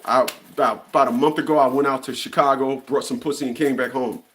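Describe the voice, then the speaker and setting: A man's voice: medium pitch, steady tone, fast talker, fairly bright tone. A man in his fifties delivering a blunt, profane opinion rant, often stumbling and repeating words as he restarts. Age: 50s. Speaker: commentary channel host.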